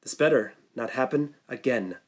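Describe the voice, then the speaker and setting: A man's voice: medium pitch, animated, normal speed, close to an everyday voice. A man voicing a stern middle-aged doctor who takes charge of a group of survivors in a storybook. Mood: threatening. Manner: commanding, stern.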